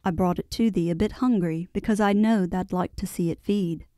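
A woman voicing a friendly country boy with a Yorkshire dialect who speaks easily and gently. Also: on the low side, no room sound, studio quality, natural voice. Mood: gentle. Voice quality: warm, easy, unhurried.

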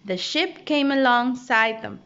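A woman, a primary school teacher, reading a story aloud for story time in a slow, animated way. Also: fairly high pitch. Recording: dull lo-fi audio.

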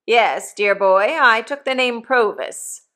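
A woman doing a gruff old convict, rough and blunt, loud slow drawl, storybook reading. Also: on the high side.

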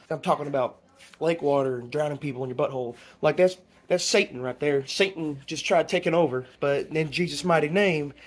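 A man's voice: high voice, close to an everyday voice. An actor playing a rambling, conspiracy-minded man, talking in a preachy, stumbling comedy monologue. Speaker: comedy vlog character.

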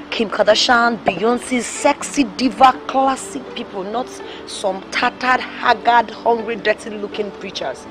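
A woman's voice: on the high side, background noise, close to an everyday voice. An actress with a Nigerian accent playing a spoiled young woman who craves fame and luxury, whiny and pleading in a film. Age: young adult. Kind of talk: film acting.

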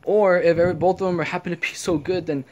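A man's voice: sits high, fairly even intonation, fast talker, slight background noise. A man rambling through a casual vlog monologue, swearing freely and filling his talk with "you know" and "I'm like.". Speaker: vlogger.

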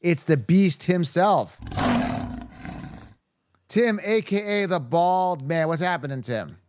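A man hosting a casual sports podcast with energetic, playful hype. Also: high voice, takes it slowly, background noise. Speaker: podcast host.

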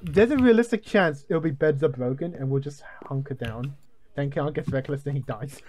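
Excitable man gaming, slightly high. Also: moderate pace. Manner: excitable, jokey, yelps when plans go wrong. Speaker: gamer. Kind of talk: casual gaming chat.

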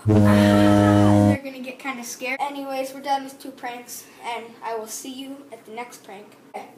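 A woman's voice: sits high, echoey room, background noise. A young female vlogger chatting through a how-to video at home, rambling with ums and restarts. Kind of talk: casual how-to vlog. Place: house, bathroom.

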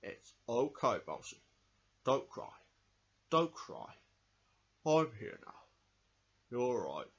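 A man voicing a friendly toy bear who gently comforts a friend in a lo-fi home recording. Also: medium pitch, big pitch swings, slow, long pauses, voice pushed down, exaggerated voice. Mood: soothing. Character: friendly toy bear, soft-spoken and soothing.

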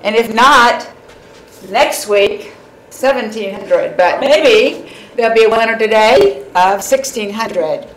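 A woman's voice: a little high, slow. A woman hosting a live-streamed office drawing, telling a joke in a folksy way and laughing often. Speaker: host. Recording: echoey room, faint noise.

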